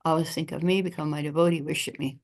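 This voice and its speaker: A woman with a somewhat low voice teaches a devotional scripture class in a temple. She talks in an unhurried way and pauses often between phrases. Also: fairly even intonation, darkish tone. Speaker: class speaker.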